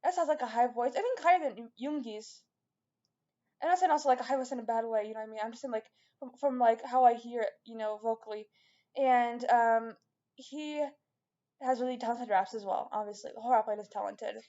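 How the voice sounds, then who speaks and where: A woman's voice: on the high side, a little fast, warm tone, muffled recording. A woman vlogger chatting casually and rambling, with lots of fillers and restarts. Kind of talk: casual chat to camera.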